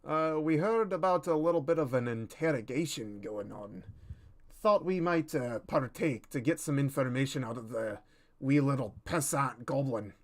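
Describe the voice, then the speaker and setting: Male player, middle pitch, chatty, hesitant, tabletop game. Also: moderate pace. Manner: casual, hesitant with fillers. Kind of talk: casual tabletop game play.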